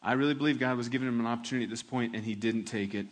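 His voice mid-range, a male preacher gives an animated sermon that alternates between forceful, loud emphasis and soft, unhurried reflection.

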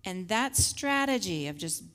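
A woman teaching a faith-based lesson with slides, who acts out the scripture quotes in lively voices. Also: medium pitch, a little slow, clear, resonant tone, long reverb tail. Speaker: Bible study teacher.

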